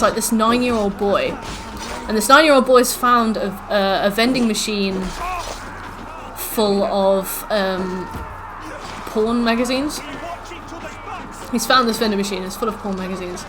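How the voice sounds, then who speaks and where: A woman streamer chatting casually in a live stream, telling stories in an animated, rambling, profane way. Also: mid-range voice.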